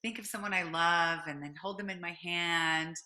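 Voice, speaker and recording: Bright-voiced woman telling a story. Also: lowish voice, moderate pace. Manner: animated storyteller, acts out quotes, frequent fillers. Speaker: guest, business owner. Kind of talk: storytelling in an interview.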